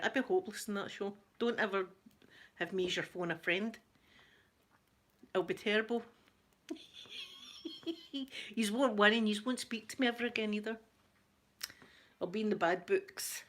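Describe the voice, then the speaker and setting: A woman's voice: medium pitch, fairly bright tone. A Scottish woman talking to her viewers from home in an easygoing ramble. She pokes fun at herself and breaks into laughter often, her middling voice picked up through a laptop mic. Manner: chatty, self-mocking, laughs often. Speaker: ASMR vlogger. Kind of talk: casual chat to viewers.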